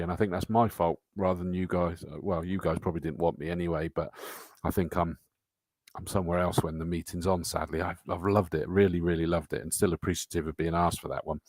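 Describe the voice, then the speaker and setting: Chatty man, lowish dry voice. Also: fairly even intonation, fairly quick, a little mellow, no echo. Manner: chatty, matey, reads out comments and entry lists. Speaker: host. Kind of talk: live-stream chat reading viewer comments.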